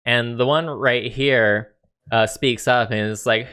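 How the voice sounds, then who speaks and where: A man's voice: medium pitch, fairly even intonation, slow pace, bright, forceful tone, smooth. A man runs a tabletop game for his friends, narrating in a loose, easygoing way. He fills his talk with ums and likes, and he swears freely. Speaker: dungeon master.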